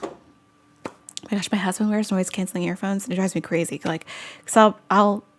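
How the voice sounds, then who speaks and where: A woman's voice: mid-range voice, steady tone, a little fast. A woman vlogger hosting a casual live-stream chat, chatty and giggly as she answers viewer comments.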